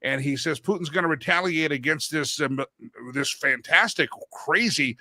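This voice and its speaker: Bright-voiced middle-aged male talk host. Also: on the high side, normal speed, no room sound, studio quality. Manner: rambling, anecdotal, self-correcting. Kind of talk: casual talk show monologue.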